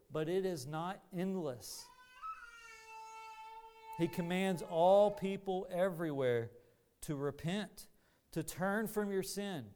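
Slow, resonant male preacher. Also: high voice, darkish tone, clean tone. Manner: earnest, deliberate preaching with rising emphasis. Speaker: pastor. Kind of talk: sermon.

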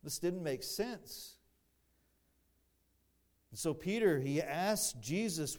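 A man preaching an expository sermon, slow and deliberate, building louder on emphatic phrases, with dry asides to the congregation. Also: a little high, expressive. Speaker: pastor.

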